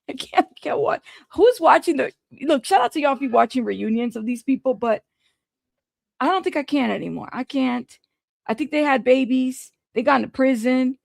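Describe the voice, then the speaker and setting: A high-pitched woman with a heavily gravelly, fry-laden voice hosts a casual livestream, rattling off shout-outs to viewers by name. The sound is dry and close, with no room around her. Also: animated, no echo. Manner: chatty, greets viewers by name in quick bursts. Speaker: livestream news commentary host. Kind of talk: casual live-stream chat.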